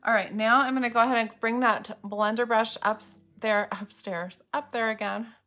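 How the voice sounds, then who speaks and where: A woman's voice: a little high, fairly even intonation, normal speed, pushed and bright. A woman chatting casually with viewers while she demonstrates eye makeup on a live video at home. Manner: chatty, bubbly, talks to viewers by name. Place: home room lit by ring light and window light.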